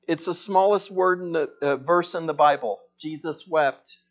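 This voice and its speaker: Slow, emphatic male preacher, higher voice, dull lo-fi recording. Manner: slow, emphatic preaching that swells loud in passionate stretches. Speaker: pastor. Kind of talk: sermon.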